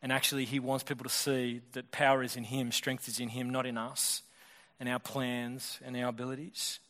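A male pastor preaching a sermon in a fast, conversational way, often restarting his sentences. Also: mid-range voice, flat delivery, a bit bright. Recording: long hall reverb.

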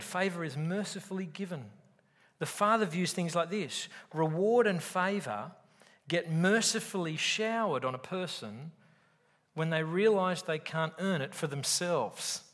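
A man's voice: mid-range voice, a bit bright. A man preaching a sermon to a live congregation, speaking emphatically and asking his listeners questions. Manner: emphatic, asks the audience questions. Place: church service with live audience. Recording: reverberant hall.

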